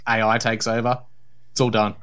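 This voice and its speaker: A man in casual podcast chat making mocking, sharp remarks. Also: lowish voice, little pitch movement, normal speed, smooth.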